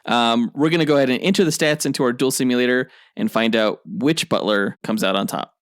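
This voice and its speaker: Male podcast host with quick deadpan comebacks. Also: medium pitch, no room sound, studio quality. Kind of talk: playful comedic debate.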